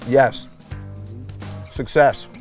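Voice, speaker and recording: A man's voice: extremely slow, soft background music. A man from New England hosting a barbecue cooking vlog outdoors, upbeat and jokey as he serves food to friends. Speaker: host of a barbecue cooking channel. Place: outdoors in a backyard at a smoker.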